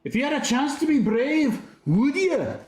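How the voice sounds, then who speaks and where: A man's voice: very high-pitched, sing-song, moderate pace, darkish tone, reverberant, pitched above the performer's own voice. A man putting on a spirited heroine in an exaggerated mock Scottish accent as a playful bad impression. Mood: teasing.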